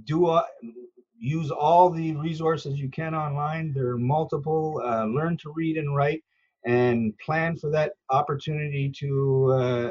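A man's voice: mid-range voice, a little mellow, muffled recording. A man from Newfoundland, Canada, answering interview questions with patient, teacherly explanations and frequent hesitations. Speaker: interview guest, language learner. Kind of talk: earnest conversational explanation.

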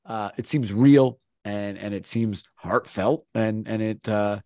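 A man's voice: fairly low pitch, slow pace, a little mellow, no echo, studio quality. A man, a sports play-by-play announcer, talking in a casual podcast chat, earnest and rambling, often restarting his sentences.

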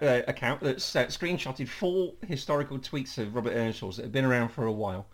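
A man's voice: fairly quick, hardly any pauses. A man from Wales hosting a football podcast, reading out funny quotes with frequent laughs. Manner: giggly, reads out quotes with animated pitch. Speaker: podcast host. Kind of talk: casual chat.

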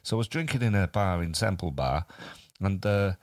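A man's voice: sits low, expressive, moderate pace, dry recording. Man telling a rambling pub anecdote. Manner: rambling storyteller, many restarts and fillers. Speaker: comedy podcast co-host. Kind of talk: casual chat and anecdote.

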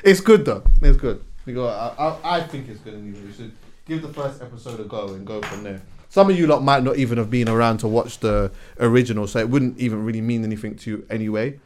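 A man co-hosting a podcast, retelling a show in animated, slangy casual chat. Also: mid-range voice, fast talker, slight background noise. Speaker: podcast co-host.

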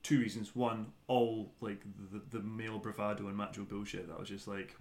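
A man's voice: on the low side, fairly even intonation, brisk, hardly any pauses. Male co-host, blunt and profane, opinionated rant delivery. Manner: sweary, ranting, opinionated. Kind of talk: casual chat.

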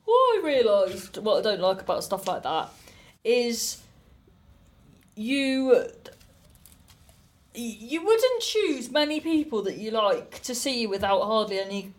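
A woman comedian co-hosting a casual podcast chat, telling animated, sweary anecdotes. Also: fairly high pitch, takes it slowly, long pauses. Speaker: comedian co-host.

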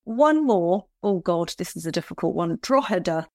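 A woman's voice: on the low side, animated, normal speed, darkish tone, no room sound, studio quality. A middle-aged woman co-hosting a podcast in casual chat, teasing her partner as she quizzes her. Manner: teasing quizmaster. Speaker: podcast co-host.

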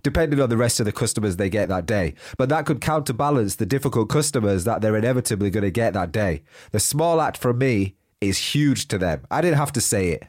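A man's voice: medium pitch, a little mellow, no echo, clean studio sound. Nasal, congested man. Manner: upbeat and encouraging despite pauses for breath. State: blocked nose, out of breath. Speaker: podcast host. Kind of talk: solo motivational podcast talk.

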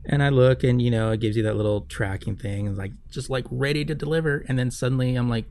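A man with a gravelly, creaky voice tells a meandering story on a podcast. He swears freely and fills his talk with ums and you-knows. The sound is dry and close, with no room around it. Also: mid-range voice, quick pace, hardly any pauses, a little mellow, dry recording. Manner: rambling, profane storytelling with many fillers. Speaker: podcast co-host. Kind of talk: casual chat.

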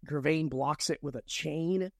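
A man co-hosting a podcast, casually recapping a novel's plot and reading quoted lines aloud with lively emphasis. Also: fairly high pitch, unhurried, vocal fry, no room sound, studio quality. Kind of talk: casual book-recap chat.

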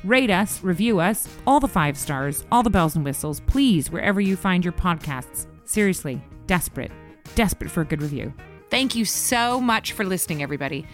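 A woman's voice: lowish voice, animated, normal speed, soft background music. A woman hosting a podcast, chatting casually with a giggly, self-deprecating manner and reading an outro. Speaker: podcast host. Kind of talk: casual chat and scripted outro.

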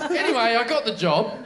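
A man's voice: very high-pitched, heavy background noise. A man telling a rambling, swearing story as a comedian on a live podcast panel. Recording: echoey live venue.

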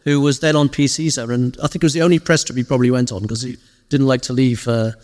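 Man guest, quick anecdotal storyteller, live stage, long hall reverb. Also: medium pitch. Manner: lively storyteller, animated quoted asides. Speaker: interview guest, former games PR director. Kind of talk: casual anecdotal interview.

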